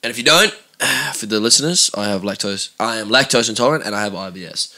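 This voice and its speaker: A man's voice: on the low side, expressive, fast, sharp tone. A man co-hosting a podcast, swearing and laughing as he banters and acts out his friends' lines. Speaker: podcast co-host.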